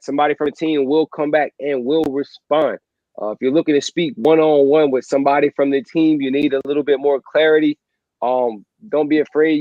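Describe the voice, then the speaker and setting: A man's voice: mid-range voice, no room sound, highs cut off. A man hosting a livestream trading session, laid-back, addressing viewers directly and wrapping up. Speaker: livestream host.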